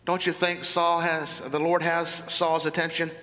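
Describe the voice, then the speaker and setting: A man's voice: fairly high pitch, flat delivery, unhurried, sharp tone, long reverb tail. A man preaching a sermon as pastor, earnest and full of rhetorical questions.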